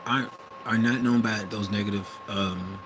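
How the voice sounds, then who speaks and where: A young vlogger from the US Midwest with a Wisconsin accent speaks at normal speed in a fairly low, steady voice. His casual monologue is hesitant and rambling, full of restarts and self-corrections, with vehicle noise in the background.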